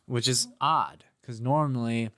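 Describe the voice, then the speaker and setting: A man's voice: medium pitch, a little slow, sharp tone, no room sound, studio quality. A young man co-hosting a podcast, telling a rambling anecdote with swearing and laughter. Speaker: podcast co-host. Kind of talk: casual podcast chat.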